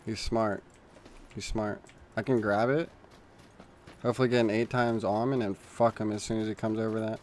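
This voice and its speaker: A young man streaming a shooter game, giving calm callouts to teammates, then yelling in panic when things get tense. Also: lowish voice, moderate pace, long pauses, a little hiss or hum. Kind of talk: casual gaming chatter.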